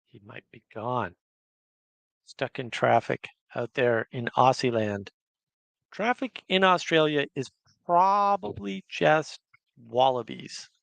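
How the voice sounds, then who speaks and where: A man's voice: mid-range voice, expressive, slow, creaky, a bit bright, dry recording. A man hosting a casual livestream, chatting and reading viewer comments aloud. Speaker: livestream host.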